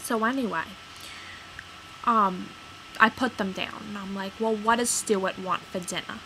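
A woman's voice: medium pitch, fairly even intonation, a little slow, pushed and bright, slight background noise, poor audio. A woman playing a touchy, rambling mother who is proud of her Italian heritage, with lots of fillers and defensive outbursts in a comic character monologue. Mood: indignant. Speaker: character vlogger.

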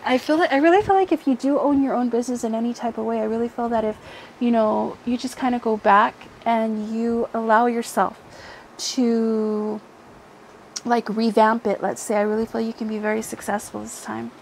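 A woman's voice: fairly high pitch, fairly even intonation, moderate pace, darkish tone. A woman giving a casual tarot reading, blunt and heavy on swearing, with many fillers like "you know" and "okay". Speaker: tarot reader. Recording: faint background noise, helicopter overhead at times.

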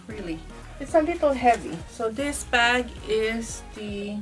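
A woman from the Philippines with a Filipino accent chats casually while unboxing a handbag, musing aloud and restarting her sentences. Her voice is a little high, expressive and fairly bright, delivered slowly. The mic is distant, with faint music behind her.

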